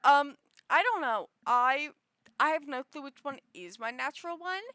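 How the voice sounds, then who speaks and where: A woman streamer chatting casually, rambling with many fillers and often shifting her pitch up and down. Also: animated, normal speed, fairly bright tone, dry recording, clean studio sound. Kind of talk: casual chat.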